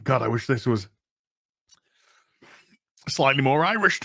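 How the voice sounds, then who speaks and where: A man's voice: mid-range voice, animated, takes it slowly, gravelly, a bit bright. Sarcastic, sweary Yorkshire man ranting. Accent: Yorkshire English. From England. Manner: sarcastic, profane, mocking; puts on mocking voices for characters. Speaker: TV review host. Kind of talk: ranting episode recap.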